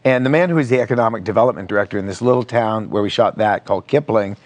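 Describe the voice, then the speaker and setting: A middle-aged man being interviewed as a guest filmmaker, telling stories with lively acted-out quotes. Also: fairly low pitch, very fast, muffled recording. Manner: animated storyteller, acts out quotes. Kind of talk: conversational TV interview. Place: TV studio.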